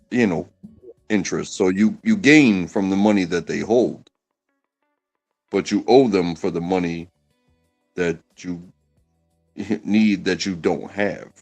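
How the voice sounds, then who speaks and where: A man in a casual discussion who talks hesitantly, with many pauses and restarts. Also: low voice, darkish tone.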